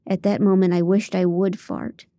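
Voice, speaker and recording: A woman's voice: lowish voice, level tone, moderate pace, warm tone, no echo. A woman narrating a first-person audiobook in a dry, comic way on a close studio mic.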